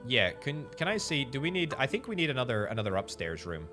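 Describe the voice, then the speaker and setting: A man giving chatty commentary while playing a management game, thinking out loud and repeating words for emphasis, with faint game music behind him. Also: medium pitch, sing-song, fast talker. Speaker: game streamer. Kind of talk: gameplay commentary.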